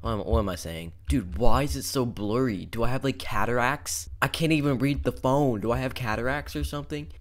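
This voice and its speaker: A young man giving rambling, profane, jokey commentary while playing a horror game, breaking into sudden shouts. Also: lowish voice, lively intonation, normal speed. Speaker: gaming YouTuber. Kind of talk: casual let's-play commentary.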